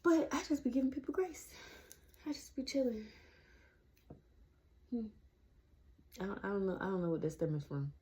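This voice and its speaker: A woman's voice: mid-range voice, very animated, normal speed, long pauses, dark tone. A woman around forty, chatting casually to camera and calling her viewers y'all. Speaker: vlogger.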